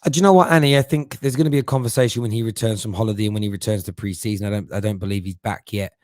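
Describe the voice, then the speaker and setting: Here a chatty middle-aged man runs a casual live stream for football fans, reading comments from viewers and repeating words as he gathers his thoughts. He speaks very fast in a lowish, darkish voice, captured in a dry, studio-quality recording.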